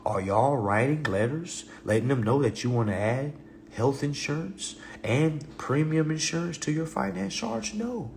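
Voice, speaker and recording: A man reading consumer law aloud to viewers, animated and profane, talking to them directly. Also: a little high, a little slow, creaky, a little hiss or hum. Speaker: consumer finance commentator. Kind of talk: casual ranting while reading statute aloud.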